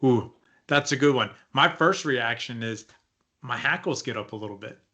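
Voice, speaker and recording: A man's voice: medium pitch, moderate pace, pushed and bright. A man co-hosting a leadership podcast as a coach, talking casually and emphatically, often asking rhetorical questions.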